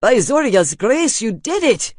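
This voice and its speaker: A man voicing a burly father of a shapeshifter boy, speaking loudly and eagerly for an audiobook. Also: high voice, big pitch swings, normal speed, dry recording, clean studio sound, pitched above the performer's own voice. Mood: overjoyed. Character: excited burly father of a young shifter boy.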